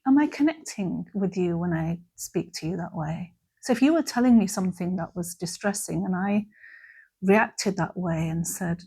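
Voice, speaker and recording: Gentle breathy woman giving a reflective talk. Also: fairly low pitch. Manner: gentle, unhurried, acts out quoted phrases softly. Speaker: mental health instructor.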